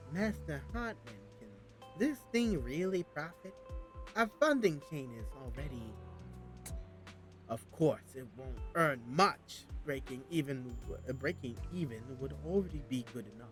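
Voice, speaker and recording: A man's voice: on the high side, sing-song, unhurried, a bit bright, soft background music. A man doing a shifty young criminal underling. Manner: put-on suspicious criminal tone. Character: nervous shady young male underling.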